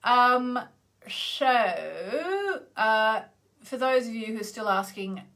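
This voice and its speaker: A middle-aged Australian woman hosting a live chanting session, talking casually and meandering, with loud exclamations that trail off into soft endings. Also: on the high side, expressive, slow pace. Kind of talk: casual live-stream chat. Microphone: video call.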